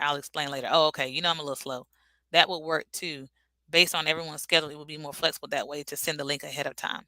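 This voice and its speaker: A woman's voice: deep voice, sharp tone, dry recording, rough recording. A woman hosting a casual live stream, chatting directly with her viewers and calling them y'all.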